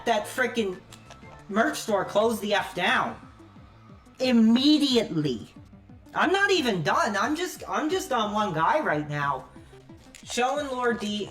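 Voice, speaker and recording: A woman's voice: mid-range voice, a bit bright. A woman livestreaming a furious rant, swearing constantly and stumbling over her words.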